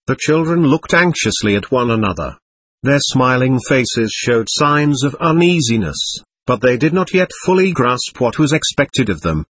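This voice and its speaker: A man reading a classic novel aloud as an audiobook narrator, in a measured, expressive storytelling manner. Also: mid-range voice, slightly rough, no room sound. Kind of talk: scripted narration.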